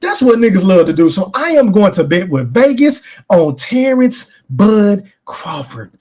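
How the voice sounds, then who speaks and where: A man hosting a live podcast delivers an emphatic, profane rant, calling out his chat. His voice sits high and leaps all over the place. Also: sing-song, a little slow, a little mellow. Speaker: podcast host. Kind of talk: animated boxing opinion rant.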